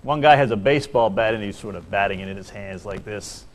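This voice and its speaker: A middle-aged man gives a comic speech to a large employee audience, telling stories with animated, self-mocking delivery and dramatic pauses. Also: lowish voice. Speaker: corporate speaker at an employee seminar. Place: large hall before an audience.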